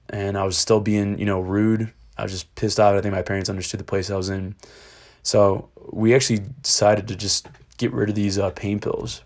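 A young man with a low, fairly monotone voice recounts a personal story in a loose, rambling way. He speaks candidly and swears freely as he goes. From Ohio, USA.

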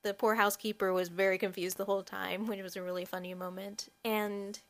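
A woman's voice: medium pitch, flat delivery, a little fast, a bit bright. Chatty woman podcaster full of fillers. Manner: chatty, many fillers and restarts; laughs often while talking. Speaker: podcast host. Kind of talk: casual book discussion.

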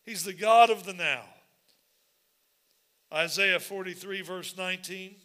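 A man preaching a sermon as pastor, animated and repetitive, building up to shouts. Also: sits high, a little slow.

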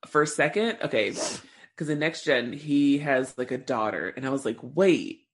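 Low-voiced woman musing, pitch bouncing. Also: expressive, moderate pace. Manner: musing aloud, laughing, recalling her reactions. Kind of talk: casual podcast chat.

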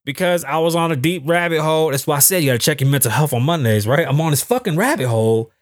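A man's voice: fairly high pitch, quick pace, no room sound, clean studio sound. A young man hosting his own talk show, riffing casually with lots of swearing and acted-out quotes. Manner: profane, animated storytelling with acted-out quotes. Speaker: podcast host. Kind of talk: casual solo commentary.

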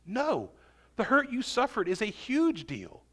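A man preaching from the pulpit in a high, bright, ringing voice. He leans hard into key phrases, stretching them out, then drops low and quiet. Earnest, emphatic sermon delivery. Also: wildly swooping pitch, a little slow. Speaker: pastor.

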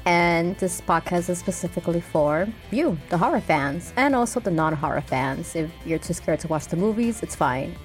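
A woman co-hosts a podcast in easy, casual chat. Her voice sits on the low side and moves all over in pitch as she tells animated stories. Soft music plays faintly behind her. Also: moderate pace, few pauses. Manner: animated, laughing storyteller. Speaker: podcast co-host.

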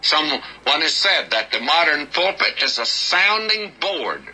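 A man's voice: a little high, very animated, unhurried, sharp tone, slightly rough, low-quality recording. A man teaching the Bible in an expository radio sermon, folksy, earnest and emphatic.

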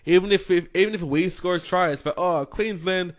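A man's voice: sits high, fast talker. A young Australian man co-hosting a podcast, rambling and exasperated in casual chat. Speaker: podcast co-host.

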